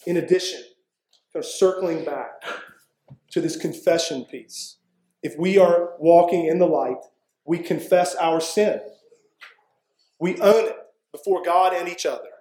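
A man delivers a sermon in an earnest, conversational way, with a fairly high voice for a man. He often pauses to check in with his listeners. The sound is roomy and echoey. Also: dark tone. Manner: earnest, conversational preaching with frequent "right?" asides. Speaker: pastor.

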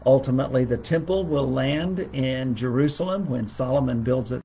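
A middle-aged preacher teaches a Bible lesson to a livestream audience. His voice sits in a plain middle range, and he talks in a halting way, stopping often on fillers and restarting his sentences. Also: medium pitch, dark tone, husky.

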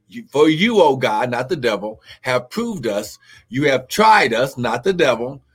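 A man preaching a live-streamed sermon, with fervent repetition, calls of glory and speaking in tongues, greeting online viewers by name. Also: medium pitch.

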